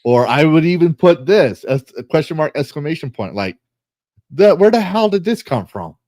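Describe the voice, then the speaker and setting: A male host in a casual online discussion, his pitch swinging widely as he reads posts aloud and picks them apart with blunt swearing. The sound is close and dry on a desk mic. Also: sing-song, moderate pace, warm tone, dry recording.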